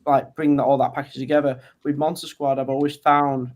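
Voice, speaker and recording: A British man, a guest on a podcast, talking in a relaxed, hesitant way with many pauses. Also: mid-range voice. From Britain. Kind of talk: casual podcast chat.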